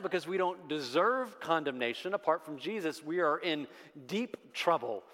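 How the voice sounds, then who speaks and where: A man's voice: on the high side, lively intonation, normal speed, fairly bright tone. A man preaching a sermon to a congregation, emphatic and building through repeated refrains. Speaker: pastor. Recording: long hall reverb.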